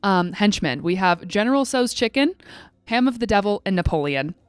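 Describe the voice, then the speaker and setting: A woman co-hosting a podcast in casual chat, retelling a movie plot with lively quoted asides. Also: medium pitch, normal speed, clean tone, dry recording. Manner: animated storytelling with quoted asides. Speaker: podcast co-host.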